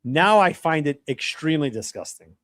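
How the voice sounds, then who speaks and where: A man talking as an interview guest, animated and laughing as he tells stories. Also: fairly high pitch, normal speed, no room sound. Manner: animated storyteller, laughs while telling. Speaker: podcast guest. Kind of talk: casual interview chat.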